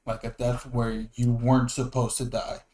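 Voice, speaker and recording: A man taking part in a tabletop game who talks casually and thinks aloud as he speaks. He hesitates often. His pitch sits in an ordinary middle range. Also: level tone, moderate pace, mellow, slight background noise. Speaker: player.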